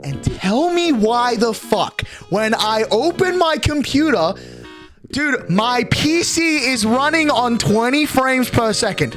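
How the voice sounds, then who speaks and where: Lively nineteen-year-old streamer. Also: mid-range voice, moderate pace, faint music behind. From Australia. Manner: animated, exasperated ranting with heavy swearing. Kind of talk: casual livestream chat.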